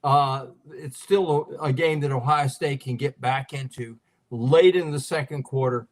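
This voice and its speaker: A man's voice: mid-range voice, unhurried. A man who is a sports writer, a guest on a talk show, eagerly recounting game details in casual chat.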